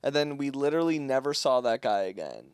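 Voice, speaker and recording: A young man co-hosting a casual comedy podcast at home, playful and quick to swear and joke around. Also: mid-range voice, animated, clear, resonant tone, dry recording. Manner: playful, swears, jumps into silly voices. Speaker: podcast co-host.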